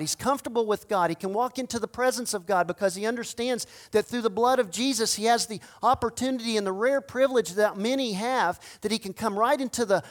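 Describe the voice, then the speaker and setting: Male pastor, fervent sermon delivery, swings from hushed to loud. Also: high-pitched. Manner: impassioned preaching, swinging from loud cries to hushed pleading.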